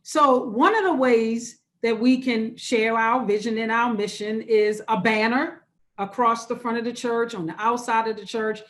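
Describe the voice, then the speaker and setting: A woman pastor with a somewhat high voice leads an online church workshop over a video call. She keeps it conversational and encouraging, and she circles back to repeat her key phrases. It sounds like live teaching, not a script. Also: fairly even intonation, measured pace, a bit bright. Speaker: pastor leading a church webinar. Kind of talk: interactive online workshop talk.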